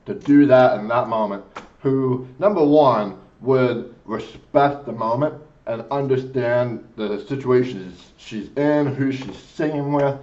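A man's voice: medium pitch, slow, darkish tone, highs cut off. A man hosting a music reaction video, gushing and emotionally moved as he comments. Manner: gushing, effusive, exclaims often.

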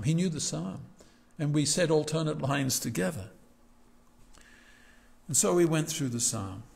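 A man's voice: a little high, creaky. A male pastor preaching a reflective sermon in a church, often restarting his phrases. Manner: reflective, with frequent restarts and gentle asides. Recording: long hall reverb.

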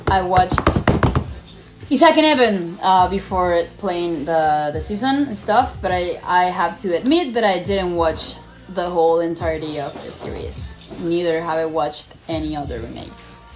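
A young woman live-streaming, casually chatting and swearing as she answers viewer questions, switching between Spanish and English. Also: lowish voice.

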